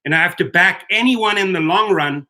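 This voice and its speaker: His voice is high-pitched and sharp, his pace moderate. He hosts a rideshare driver channel and is reading chat during a livestream, ranting heatedly and restarting with stammers.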